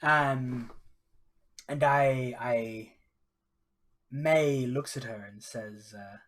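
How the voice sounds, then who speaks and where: This male streamer talks extremely slowly, his mid-range voice fairly bright in tone. He narrates a solo tabletop role-playing game for viewers, hesitant and easygoing, with many ums as he speaks to chat.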